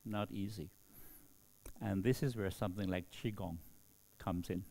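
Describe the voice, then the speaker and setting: Here a middle-aged man plays a Buddhist monk offering a dharma talk, his fairly low voice steady in tone and touched with vocal fry. He moves slowly, pausing often, and keeps softly asking "hmm?" to check on his listeners.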